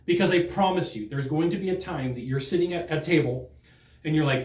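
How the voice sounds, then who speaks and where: Male sales trainer with a slightly high voice, earnest and casual, prone to restarts, recorded in a roomy space. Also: brisk, darkish tone. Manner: earnest, conversational, repeats words when restarting. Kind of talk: direct-to-camera training talk.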